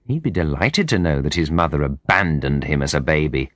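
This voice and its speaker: A man's voice: very deep voice, animated, fairly quick, a bit bright, no room sound, clean studio sound. A man voicing a defiant former manager in an audiobook, speaking confidently with a raised, pressing voice. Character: defiant foreign ex-manager, confronting his enemies.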